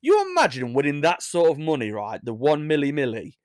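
A man's voice: fairly high pitch, big pitch swings, a little fast, a little mellow, no room sound. Chatty English man, dry close sound. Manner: rambling, jokey, laughs at his own asides. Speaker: podcast host reading news stories. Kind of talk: casual chat.

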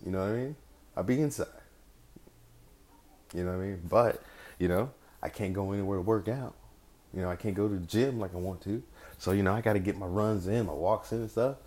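Speaking fairly quickly but with long pauses, this Californian solo podcast host has a warm voice on the low side. His talk is casual and rambling, full of loose slang and frequent profanity.

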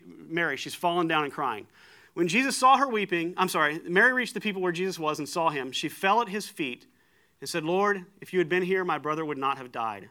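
A man, likely middle-aged, preaching a sermon in a conversational, animated way, retelling stories with frequent restarts. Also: on the high side.

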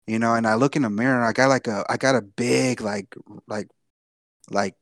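A man's voice: mid-range voice, fairly even intonation, normal speed, dry recording, studio quality. A young man from Texas telling a long personal story on a podcast, casual and profane, often repeating himself. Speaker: podcast co-host.

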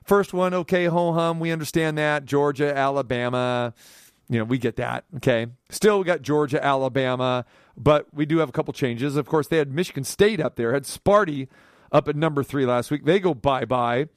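A man hosting a sports talk radio show, telling a story in an animated monologue, his voice climbing sharply when he gets riled up. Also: mid-range voice, moderate pace, clean tone, dry recording, clean studio sound.

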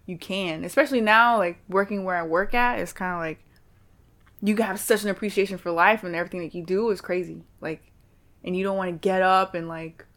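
A woman in casual conversation, telling stories in a lively, chatty way and acting out the voices of the people she quotes. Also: medium pitch, fairly quick. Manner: chatty, animated storytelling with quoted dialogue. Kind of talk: casual chat.

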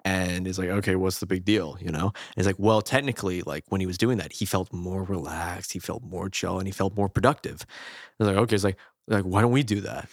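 A man's voice: low-pitched, fairly even intonation, brisk, no echo, studio quality. A man co-hosting a podcast in casual chat, rambling, swearing often and acting out quotes from films. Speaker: podcast co-host.

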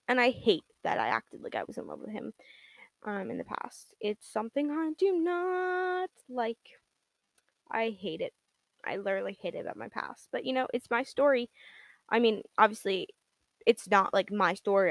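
A woman's voice: mid-range voice, gravelly, dry recording. A young woman hosting her own podcast, talking casually in a rambling, giggly way full of "like" and "um.". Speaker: podcast host. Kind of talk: casual solo podcast monologue.

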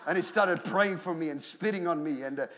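Middle-aged Australian male pastor, high voice, sermon delivery, lively and laughing, bursts of shouting. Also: fairly quick, slight background noise. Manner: animated storytelling with laughs and shouted hallelujahs.

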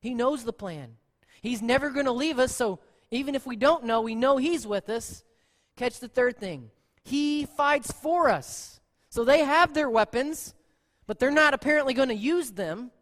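A pastor preaching a sermon in a conversational, animated way, acting out quoted lines. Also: high-pitched, unhurried. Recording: long reverb in a large hall.

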